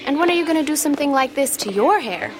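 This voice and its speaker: A woman's voice: high-pitched, lively intonation, quick pace, background noise. Erica, a pushy teen girl. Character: pushy, self-assured teenage girl. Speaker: teenage girl friend. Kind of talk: radio drama acting.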